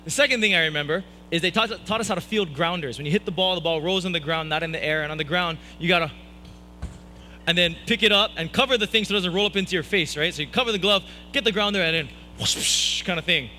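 Brief: male preacher, high bright voice, self-mocking humor, church sermon. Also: quick pace, slight background noise, poor audio. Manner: playful, self-mocking, jokey asides.

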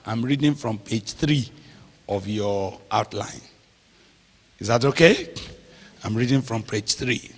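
A man preaching a sermon, slow and emphatic, drawing out phrases and checking in with the audience. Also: medium pitch. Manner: slow, emphatic, drawn-out phrases with call-and-response questions. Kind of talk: sermon teaching. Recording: long hall reverb.

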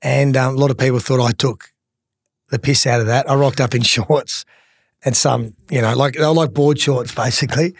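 A man's voice: medium pitch, steady tone, normal speed, gravelly, dry recording, clean studio sound. An Australian man telling stories in a casual podcast chat, laid-back and self-mocking. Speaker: racing tipster and storyteller.

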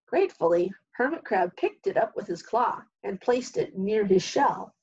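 Breathy woman reading a picture book. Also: mid-range voice, very animated, moderate pace, a little mellow, muffled recording. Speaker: storyteller. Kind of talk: children's picture-book read-aloud.

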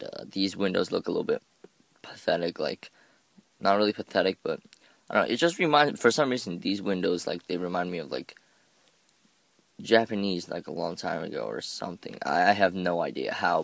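Low, gravelly man rambling over gameplay. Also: a bit bright, dry recording. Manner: rambling, self-mocking, stumbles over words. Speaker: gameplay commentator. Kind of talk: casual game commentary.

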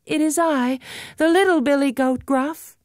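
Lady putting on a little billy goat, high sing-song chant, storybook style, dry close sound. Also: fairly even intonation, measured pace, darkish tone, no echo. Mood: pleading. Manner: sings a lilting chant. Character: small young male billy goat, pleading.

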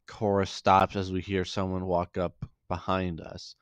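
A man's voice: low voice, little pitch movement, moderate pace, few pauses, clear, resonant tone, dry recording. A man reading a fan fiction story aloud, voicing every character in his own voice, with small slips as he reads. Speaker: story reader.

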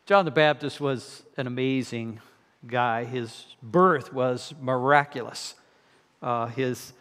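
A middle-aged man preaching a sermon in a church, conversational and wry, with filler words. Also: a little high. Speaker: guest preacher. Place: church sanctuary. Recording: long reverb in a church hall.

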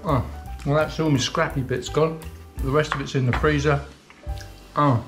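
A man's voice: fairly high pitch, steady tone, normal speed, soft background music. A man teaching cookery, chatting casually to the camera while he eats and talking through mouthfuls. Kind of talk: casual tasting chat to camera.

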